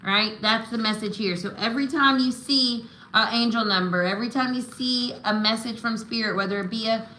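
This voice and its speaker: Bright-voiced woman reading tarot live. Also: fairly high pitch, brisk, few pauses, roomy sound, a little hiss or hum, rough recording. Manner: affirming, says "right?" and "okay?" often; emotional, spiritual encouragement. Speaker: tarot reader.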